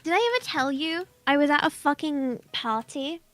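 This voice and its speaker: A woman guest chatting casually, telling animated stories, acting out quotes and laughing a lot. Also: high-pitched, normal speed, no room sound, soft background music. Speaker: guest, voice actor. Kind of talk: casual chat.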